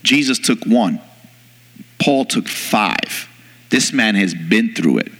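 Pastor, man, bright high voice, preaching in a reverberant church hall. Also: animated. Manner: preaching with rising pitch and emphatic slow lines. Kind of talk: sermon. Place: church sanctuary. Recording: long reverb of a large hall.

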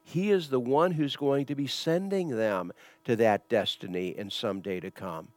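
A man's voice: medium pitch, a little slow, no room sound. Man preaching a conversational sermon. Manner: conversational teaching, asks rhetorical questions. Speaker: pastor. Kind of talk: expository sermon.

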